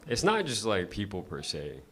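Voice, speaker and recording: Low-voiced man doing stand-up. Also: huge pitch swings, moderate pace, a bit bright. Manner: casual, profane, conversational delivery. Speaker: stand-up comedian. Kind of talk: open-mic stand-up set. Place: comedy club stage.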